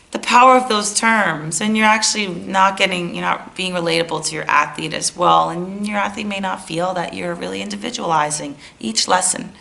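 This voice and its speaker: A woman softball hitting coach giving a blunt, animated talk to other coaches. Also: medium pitch, vocal fry. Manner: blunt and animated, scolding with humor.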